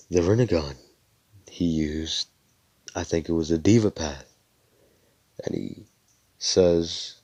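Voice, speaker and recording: Brief: low-voiced young man, rambling slangy storyteller, dry close sound. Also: mellow, no echo. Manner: rambling and slangy, with swearing and fillers. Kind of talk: casual fan story narration.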